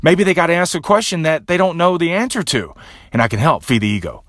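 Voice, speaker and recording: A man hosting a podcast, giving a motivational monologue with a pep-talk delivery that drops low and quiet on each repeated refrain. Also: animated, fast, no room sound, clean studio sound. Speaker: podcast host.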